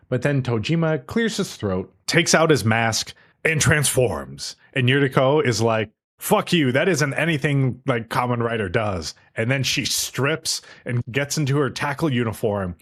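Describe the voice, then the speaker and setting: A young man on a casual anime podcast, recapping an episode scene by scene. His voice moves lively up and down as he goes, and now and then he briefly acts out what the characters say. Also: mid-range voice. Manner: recaps the plot at length, acting out the characters' lines. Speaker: podcast co-host.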